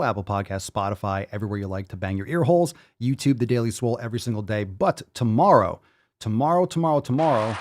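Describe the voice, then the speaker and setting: A man hosts a live podcast stream and reads viewer comments aloud. He swears freely and hypes things up, with a sarcastic edge. His voice sits at an ordinary middle pitch. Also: darkish tone. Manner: profane, hyped-up, sarcastic. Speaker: podcast host.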